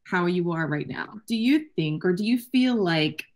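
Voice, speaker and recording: A woman's voice: fairly low pitch, moderate pace. Woman cohost ranting about a book, swears a lot, laughs, does little voices for quotes. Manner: animated, profane, laughs often, acts out quotes. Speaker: podcast co-host. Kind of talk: casual book club chat.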